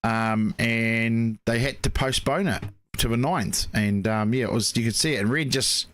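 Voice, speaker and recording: A man's voice: medium pitch, moderate pace, a bit bright, no room sound. A man co-hosting a racing show, telling long rambling stories full of "mate, you know". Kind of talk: casual chat.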